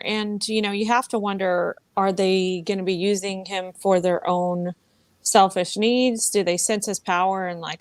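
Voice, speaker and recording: A woman's voice: medium pitch, steady tone, a little slow, dry recording. A woman in a casual book discussion, musing aloud with plenty of "you know". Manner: thoughtful, musing, many fillers. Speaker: book club member.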